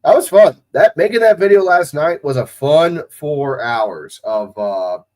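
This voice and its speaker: A man's voice: on the high side, unhurried. A man with a slight Southwest Ohio drawl who is getting over a cold, doing casual, profane play-by-play and chatting as a streamer. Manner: casual and profane, calling plays excitedly. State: recovering from a cold. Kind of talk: casual play-by-play commentary and chat.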